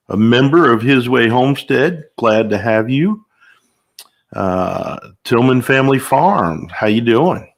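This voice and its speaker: A medium-pitched older man hosts a livestream, greeting viewers by name in turn during a casual chat. The mood is upbeat and talkative, with sudden excited whoops breaking in between the greetings.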